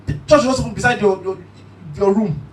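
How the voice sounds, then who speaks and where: A man performing a stand-up comedy set, telling stories in an animated, shouty way and slipping into preaching. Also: high-pitched, fast. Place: live comedy stage. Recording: echoey hall, mic at a distance, faint room noise.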